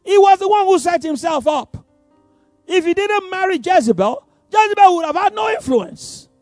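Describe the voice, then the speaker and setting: Animated high-voiced male preacher. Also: moderate pace, no room sound, clean studio sound, soft background music. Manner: animated, swings from loud emphasis to soft asides; laughs between points. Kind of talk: sermon.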